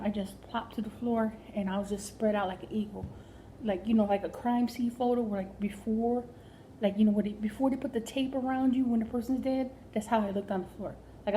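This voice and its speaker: Mellow-voiced woman telling a comic story. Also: medium pitch, slight background noise, poor audio. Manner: animated, drops to whispers for effect. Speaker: stand-up comedian.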